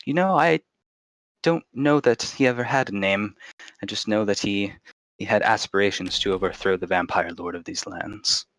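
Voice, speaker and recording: A man's voice: lowish voice, a bit bright, dry recording, low-quality recording. A man doing a theatrical old storyteller. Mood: sly, welcoming. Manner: slow dramatic proclaiming.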